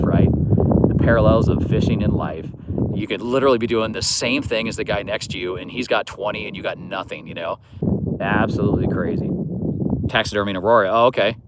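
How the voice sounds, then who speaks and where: A man's voice: fairly low pitch, a bit bright, slight background noise. A man hosting a fishing livestream, chatting casually and rambling with lots of "you know" as he answers viewers' comments. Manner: easygoing, rambling, many fillers like "you know".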